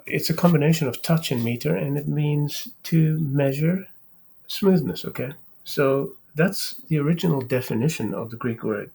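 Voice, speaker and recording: Male math channel host, unhurried lecture delivery, gravelly and somewhat husky voice, halting phrasing with frequent "okay?" checks. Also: medium pitch, a little mellow. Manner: slow, halting, repeats words, says "okay?" often.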